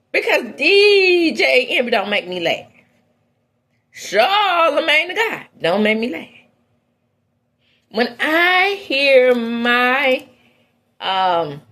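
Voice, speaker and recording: In a slightly bright voice, a woman shares frank, casual opinions on her entertainment gossip show, moving between low-pitched asides and high-pitched exclamations.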